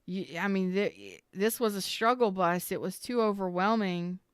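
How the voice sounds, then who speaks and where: A woman's voice: mid-range voice, normal speed, smooth, no echo. A woman giving a live-streamed tarot reading, talking in a rambling, candid and emotional way with casual swearing while close to tears. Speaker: tarot reader.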